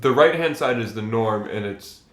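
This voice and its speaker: A man's voice: mid-range voice, animated, moderate pace, fairly bright tone. A young man co-hosting a casual podcast, who argues his points and explains with casual swearing. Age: young adult. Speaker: podcast co-host. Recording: echoey room.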